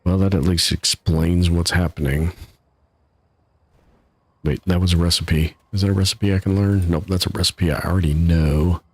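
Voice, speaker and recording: A man's voice: low-pitched, steady tone, normal speed, husky, dry recording. A man casually commenting while he streams a game live, chatty and laughing at his own troubles from his home setup. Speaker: gaming streamer.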